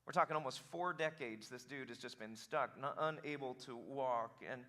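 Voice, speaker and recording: Bright-voiced joking male pastor. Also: medium pitch, normal speed. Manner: animated, joking, calls for congregation response. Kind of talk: sermon.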